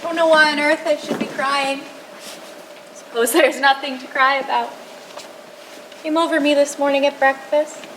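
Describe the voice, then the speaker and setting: A fretful mother of the bride, played by a young actress, rambles in halting, tearful phrases. Her voice sits high. A faint room hum is heard behind her on the stage. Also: fairly even intonation, a bit bright, rough recording. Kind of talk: live stage acting.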